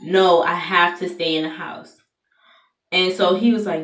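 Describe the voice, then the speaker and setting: A young woman speaks in a low, soft, confiding voice, telling a personal story with plenty of fillers. She sits some distance from the mic in an echoey room. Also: steady tone, moderate pace. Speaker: vlogger. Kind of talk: personal story told to camera.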